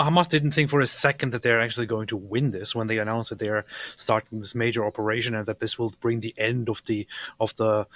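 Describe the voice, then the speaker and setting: A man's voice: fairly low pitch, fairly bright tone, no echo. A man co-hosting a live talk stream who speaks bluntly and matter-of-factly in casual commentary.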